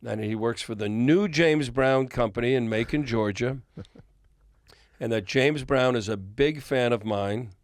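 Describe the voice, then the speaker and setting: Speaking a little slowly in a mid-range voice, this older record executive guests on a podcast interview. He tells a lengthy story with lots of animation and frequent chuckles.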